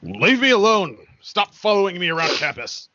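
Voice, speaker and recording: A man's voice: fairly low pitch, big pitch swings, fast, gravelly, sharp tone, husky, dry recording, voice pushed down, exaggerated voice. A man voicing a jittery, evasive college man who snaps defensively at anyone questioning him. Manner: defensive, snapping. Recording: dry, slightly muffled audio.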